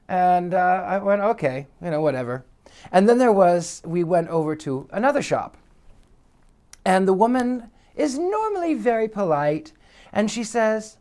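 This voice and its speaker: A man telling anecdotes in a casual vlog, genteel and wordy, acting out the voices of the people he quotes with big jumps in pitch. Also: expressive, unhurried, darkish tone. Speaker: psychic vlogger. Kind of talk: casual storytelling to camera. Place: Pasadena area.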